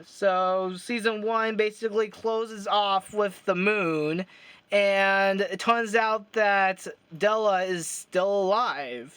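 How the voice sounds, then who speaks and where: A man's voice: high-pitched, pushed and bright, dry recording. A man hosting a podcast, recapping a cartoon series in an unscripted, rambling way full of fillers and restarts. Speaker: podcast host.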